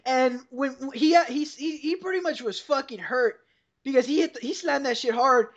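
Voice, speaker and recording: A woman's voice: high-pitched, normal speed. A young woman hosting a podcast, telling a story in a rambling, profane way and laughing along. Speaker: podcast host. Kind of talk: casual storytelling over a call. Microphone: computer call mic. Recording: dull lo-fi call audio.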